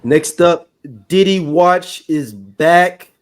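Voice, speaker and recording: A man co-hosting a casual podcast, introducing news items in a relaxed way with fillers. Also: fairly high pitch, drawn-out words. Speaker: podcast co-host. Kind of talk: casual chat.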